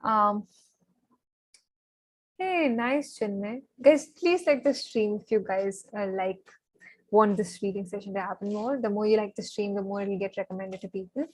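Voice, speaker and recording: Excitable young woman reading aloud. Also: mid-range voice, moderate pace, no room sound, low-quality recording. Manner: excitable and chatty, with many fillers and apologies. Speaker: live-stream book reader. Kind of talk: reading a novel aloud on a live stream.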